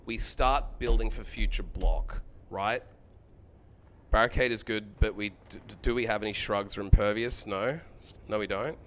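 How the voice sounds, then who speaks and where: Guy streaming a card game, swears a lot, debates picks with chat, kinda lively, mid-pitch voice. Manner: animated, swears freely, chats with viewers. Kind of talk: live game streaming commentary.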